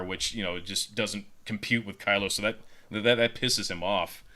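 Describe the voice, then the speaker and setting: A man on a podcast pitches a story casually, rambling with frequent fillers and restarts. His voice is on the low side. It has a bright, forceful edge. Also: fairly even intonation, normal speed. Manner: rambling, with many fillers and repeated words. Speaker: podcast co-host.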